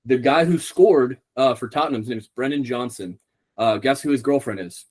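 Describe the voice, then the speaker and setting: Young guy podcast cohost, rambly, swears a lot, lotta ums, mid pitch. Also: moderate pace, darkish tone. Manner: rambling, profane, many ums. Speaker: podcast co-host. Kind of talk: casual chat.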